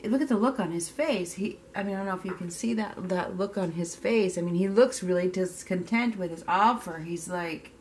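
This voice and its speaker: A woman's voice: on the low side, moderate pace, hardly any pauses, darkish tone. A woman giving a casual tarot card reading, blunt and emphatic, often repeating herself and checking in with "okay?" while swearing casually. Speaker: tarot reader.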